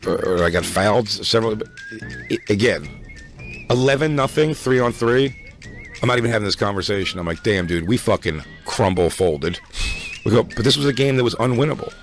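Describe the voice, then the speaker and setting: A man's voice: medium pitch, lively intonation, fast talker, soft background music. A man hosting a podcast, rambling through a story with frequent restarts and plenty of swearing. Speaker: podcast host. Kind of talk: casual chat.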